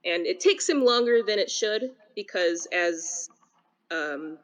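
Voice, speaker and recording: A woman playing a tabletop game, describing her character in a relaxed way with many ums. Her voice sits somewhat low. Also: takes it slowly, poor audio. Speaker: player.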